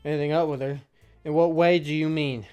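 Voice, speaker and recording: A man's voice: a little high, steady tone, brisk, a little mellow, clear, resonant tone, faint music behind, natural voice. Man reading a poised club president girl. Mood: gentle.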